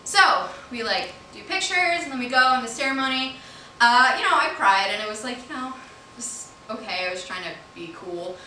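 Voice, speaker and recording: A bright, high-voiced woman telling a stand-up story on a club stage, swearing freely and breaking into loud laughing bursts. Her voice rings through a roomy club and sounds a little far from the mic, with faint room noise underneath. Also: lively intonation. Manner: casual, profane, swings from quick mumbles to loud laughing outbursts. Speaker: stand-up comedian. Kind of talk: stand-up comedy set. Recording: roomy live club sound, heard from a distance.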